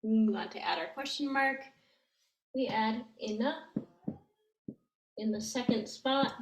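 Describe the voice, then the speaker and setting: A woman teaches a language lesson, explaining each step gently and with frequent ums. She speaks slowly in a fairly high voice. The recording sounds roomy and echoey, with a faint hiss underneath. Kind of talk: slow, patient language lesson.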